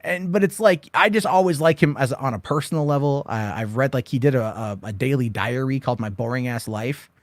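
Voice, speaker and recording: A man's voice: medium pitch, brisk, hardly any pauses, no room sound. A man hosting a casual late-night movie chat, rambling through stories with lots of swearing and acted-out quotes. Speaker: host.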